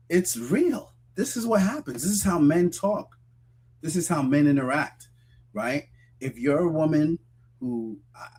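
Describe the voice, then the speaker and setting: A male host giving measured, moralizing commentary that speaks straight to his listeners. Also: medium pitch, slightly rough. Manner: measured, moralizing, direct address.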